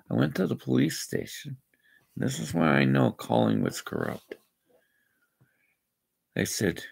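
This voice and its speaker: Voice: medium pitch, wildly swooping pitch, unhurried, creaky, long pauses. A speaker from Canada, ranting indignantly in a rambling personal vlog. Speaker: vlogger. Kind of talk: angry personal rant.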